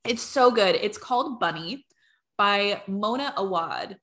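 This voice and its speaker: A woman's voice: mid-range voice, lively intonation, measured pace, fairly bright tone. A young woman co-hosting a podcast, chatting casually and agreeably with lots of "like" fillers. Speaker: podcast co-host. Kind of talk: casual chat.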